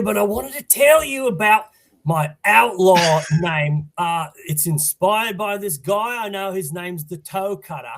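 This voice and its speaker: A man putting on a loud, rambling Australian accent to play a boisterous tree cutter. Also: high voice. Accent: put-on Australian.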